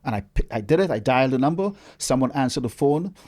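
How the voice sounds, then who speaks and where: A man, a guest researcher telling a story in a casual interview with lively, dramatic delivery. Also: medium pitch, fast talker.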